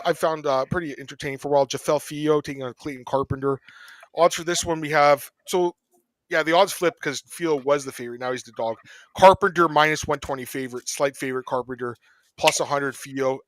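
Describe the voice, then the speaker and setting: This podcast host talks fight picks in a casual sports betting chat full of laughter and rambling banter. His voice is a little high, fast, and fairly bright, with no echo.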